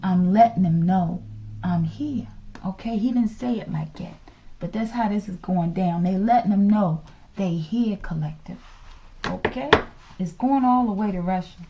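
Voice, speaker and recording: A woman's voice: medium pitch, moderate pace, dark tone, a little hiss or hum. A woman reading tarot in a casual vlog, talking emphatically and often checking in with her listeners. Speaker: tarot reader.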